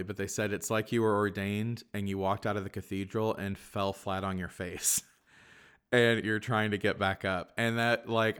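A young man, a Catholic priest, telling his personal story in a reflective way, with many fillers and soft laughs. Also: fairly low pitch, clear, resonant tone. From Kentucky, USA. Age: young adult. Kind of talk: personal testimony in conversation.

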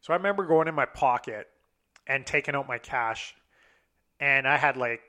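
A man's voice: medium pitch, moderate pace, sharp tone. A young man telling a long personal story in a casual, rambling, profane way, acting out what others said.

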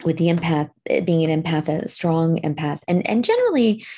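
A woman's voice: deep voice, big pitch swings, a little fast, dark tone, slightly rough. A woman co-hosting a podcast, talking in a reflective, casual way. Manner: reflective, talks about energy and empathy. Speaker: podcast co-host. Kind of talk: casual chat.

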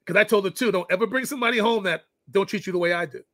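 Animated middle-aged man, high voice. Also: rapid-fire, dry recording. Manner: animated storyteller acting out quoted dialogue. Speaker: guest, fitness coach and father. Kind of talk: casual podcast chat.

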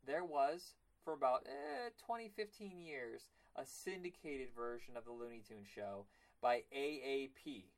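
A man at an everyday middle pitch hosts a loose, casual podcast chat. He rambles from point to point with excitable energy and slips into goofy cartoon voices along the way. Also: measured pace. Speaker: podcast host.

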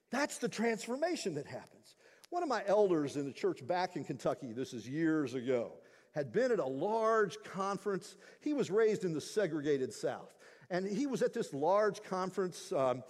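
High, lively male preacher in a reverberant hall. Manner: emphatic, conversational preaching with storytelling asides. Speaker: pastor. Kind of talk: sermon.

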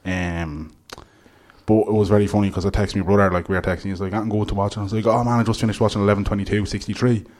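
Give me a joking Irish man hosting a live podcast from a hotel, voice on the low side. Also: little pitch movement, racing, darkish tone. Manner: joking, laughs often. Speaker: podcast host. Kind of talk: casual chat.

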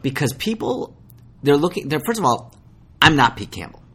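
With a husky, higher-than-average voice at a normal pace, this young Minnesota actor jokes at his own expense during a casual interview, staying animated and frequently starting over mid-thought.

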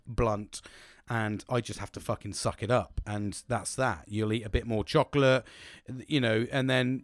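A man talks straight into the mic in a blunt, sweary monologue, acting out stories from home with lively emphasis. His voice sits at an ordinary middle pitch. The sound is dry and close, with no room around it. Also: no room sound. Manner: blunt, sweary, animated storytelling. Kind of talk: casual monologue.

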